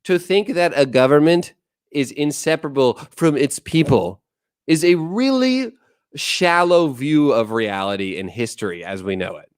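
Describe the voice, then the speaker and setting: Male streamer in his thirties, casual and profane, smooth voice, dry close-mic sound. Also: medium pitch, animated, moderate pace, no echo. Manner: blunt, profane, rambling, reads chat aloud. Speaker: livestream host. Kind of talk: casual livestream chat.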